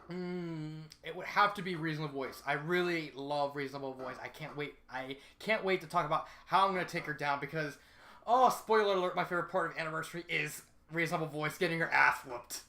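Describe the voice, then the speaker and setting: In a mid-range voice that's pushed and bright, someone reviews fan fiction in a loose, spoken way. They keep rambling, correcting themself, and repeating points to hammer them home.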